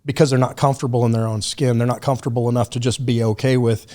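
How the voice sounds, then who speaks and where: A man of middling pitch talks into a podcast mic, relaxed and unhurried as he spins stories. His manner is blunt and salted with swearing. It sounds like casual chat between friends. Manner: blunt, profane, laid-back storyteller. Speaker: podcast guest.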